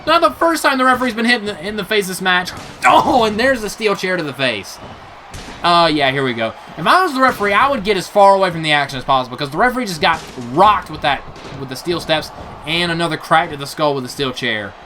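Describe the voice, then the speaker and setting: Animated young man calling wrestling play-by-play. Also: high voice, fast talker, a little hiss or hum. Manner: animated, gasping "oh no" reactions, laughs often. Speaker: play-by-play commentator for a video game wrestling show. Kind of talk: excited play-by-play commentary.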